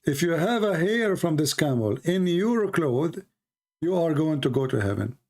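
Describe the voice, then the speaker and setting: Male, Arabic native, Middle Eastern origin; slightly high voice; sarcastic, scoffing video commentator. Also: sing-song, moderate pace, darkish tone. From Middle East. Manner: mocking, sarcastic. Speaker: religious commentator. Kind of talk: casual commentary over a video.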